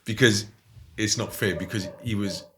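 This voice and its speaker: A man's voice: lowish voice, normal speed, noisy background. A middle-aged man telling a candid personal story as a podcast guest, often tagging his lines with "right?".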